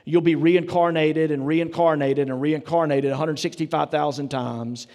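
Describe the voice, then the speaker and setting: A man's voice: fairly high pitch, fairly even intonation, moderate pace, darkish tone. A man, a pastor, preaching a sermon in a conversational, storytelling way, with asides to the congregation. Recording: long reverb of a large hall.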